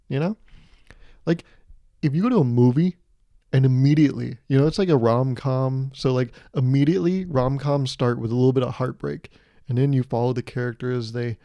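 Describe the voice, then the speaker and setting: Man, comedy podcast host, rambling monologue, sarcastic, swears, mellow dark voice, dry close sound. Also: medium pitch, no echo.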